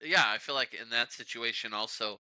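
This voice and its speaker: A man's voice: medium pitch, brisk, a crowd in the background, poor audio. A man who is a returning guest on a casual podcast, blunt and dry in his teasing.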